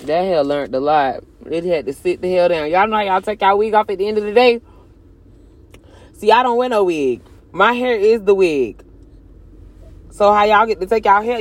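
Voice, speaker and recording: Young woman vlogger, chatty and profane, jumps between loud and hushed. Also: fairly low pitch. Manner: animated, swings from loud bursts to hushed asides, cursing and joking. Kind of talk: casual chat to camera.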